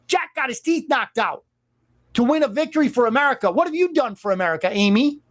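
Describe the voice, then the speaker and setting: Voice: high voice, expressive, quick pace. A radio talk show host giving an opinionated monologue, emphatic and sarcastic, with mocking asides aimed at the people in the news.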